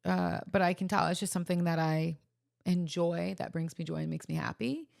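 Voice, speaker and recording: A woman's voice: on the low side, fairly quick, gravelly, a little mellow, no echo, clean studio sound. A woman in her thirties co-hosting a casual podcast chat, earnest and a little emotional, hesitating with ums. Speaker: podcast co-host.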